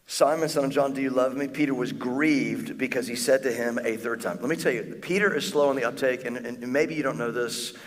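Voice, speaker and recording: A male pastor preaching a sermon in a conversational, animated way, acting out quick asides to the congregation. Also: mid-range voice. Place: church auditorium. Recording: long church hall reverb.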